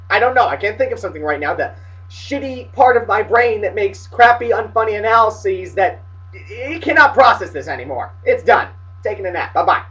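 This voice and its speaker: A man delivering a comedic, profane rant to camera, swinging between shouting and muttering. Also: high voice, recorded from a distance, low-quality recording. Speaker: vlogger ranting about college basketball.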